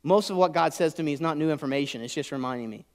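Dramatic preacher, shout to whisper. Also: male voice, fairly high pitch, very fast. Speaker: pastor. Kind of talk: sermon. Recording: long hall reverb.

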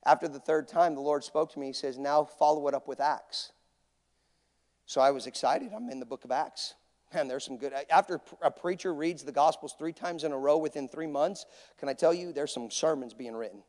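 Pastor guy preaching in church, high pitched, big echoey hall sound. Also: fairly quick, darkish tone. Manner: emphatic preaching with repetition and rising intensity. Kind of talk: sermon. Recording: long hall reverb.

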